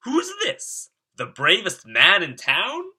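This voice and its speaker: A man voicing a grand, amused king in a storybook, with a booming, jovial delivery that climbs high. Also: wildly swooping pitch, measured pace, pushed and bright, husky, full character voice.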